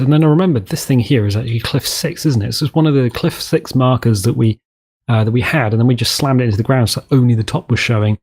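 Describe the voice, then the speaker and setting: A man with a mid-range, slightly rough, somewhat mellow voice talks fast as he builds in a game's map editor. His casual let's-play commentary rambles and pokes fun at himself, with occasional silly voices thrown in.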